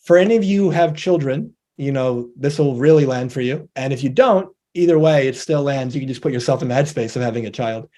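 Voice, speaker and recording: A man's voice: mid-range voice, a little fast, hardly any pauses, dark tone. A man presenting a motivational talk, explaining ideas step by step and acting out quoted dialogue.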